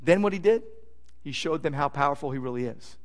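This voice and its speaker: Pastor guy preaching, high voice, goes loud then soft, repeats himself a lot. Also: lively intonation, fairly quick. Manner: emphatic preaching, repeats phrases, swings from loud to hushed. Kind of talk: sermon.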